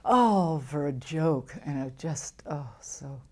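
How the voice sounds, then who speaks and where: An older actress telling lively stories in an interview, with frequent laughs and restarts. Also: female voice, deep voice, slow pace. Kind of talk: storytelling interview.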